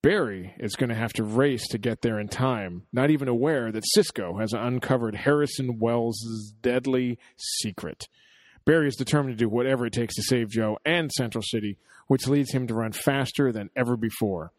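Male co-host, mid-range voice, dry sound, animated and joking storyteller. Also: mid-range voice, moderate pace, dry recording. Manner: jokey, chuckling, animated storyteller. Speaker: podcast co-host. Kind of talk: casual podcast chat.

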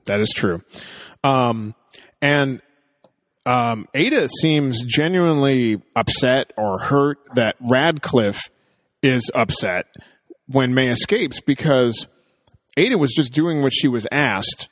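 A man's voice: medium pitch, expressive, slow, fairly bright tone, in a large hall. A man co-hosting a casual TV episode recap, thinking aloud in long, rambling analysis. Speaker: podcast co-host.

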